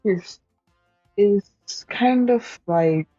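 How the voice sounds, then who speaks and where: A woman's voice: mid-range voice, very slow, mellow, dry recording. A woman streamer casually explaining language points to her chat, chatty, with lots of fillers, laughs and swearing. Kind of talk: casual study-stream teaching. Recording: slightly dull, dry home stream mic with faint music.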